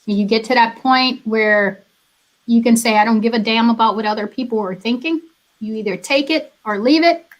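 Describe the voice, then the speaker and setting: A woman with a fairly high voice chats upbeat and easy on a podcast. She laughs readily and keeps the talk loose and conversational. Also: normal speed, rough recording. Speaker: podcast guest. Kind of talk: casual podcast chat.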